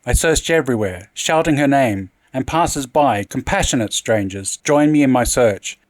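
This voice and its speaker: A man's voice: mid-range voice, expressive, moderate pace, no room sound, lightly acted. A man voicing an older army general who speaks with anguish and fury. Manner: emotional, anguished, then furious. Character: stern grieving army general, older man, hot-tempered.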